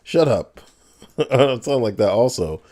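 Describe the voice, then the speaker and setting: A man's voice: medium pitch, big pitch swings, a little slow, dark tone. A young man streaming casually, teasing and arguing with plenty of swearing. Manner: profane, teasing, argumentative. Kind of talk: casual live-stream chat.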